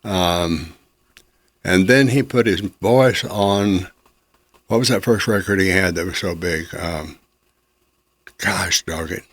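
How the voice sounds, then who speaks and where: An older man hosting a chatty interview, reminiscing and quick to agree. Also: low voice, fairly bright tone, dry recording. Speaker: podcast host, interviewer. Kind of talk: casual interview conversation.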